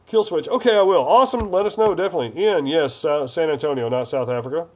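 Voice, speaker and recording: Chatty man, fairly high voice. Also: lively intonation, fast talker, a little mellow. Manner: chatty, jokey, reads viewer comments aloud. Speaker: live stream host. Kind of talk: casual live stream reading chat.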